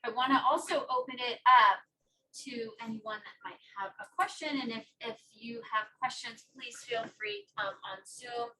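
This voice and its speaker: Bright-voiced woman moderating a panel. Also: on the high side, moderate pace. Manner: conversational, with frequent fillers. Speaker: moderator and course instructor. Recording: distant mic with faint noise.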